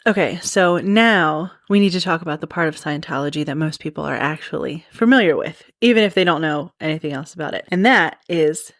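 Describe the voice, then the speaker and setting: Woman podcaster just chatting through a topic, lotta "like"s, kinda low voice, dry close sound. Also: brisk, hardly any pauses, dry recording. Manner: chatty, lots of "like" and "you know", laughs at herself. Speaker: podcast host. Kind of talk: casual explainer monologue.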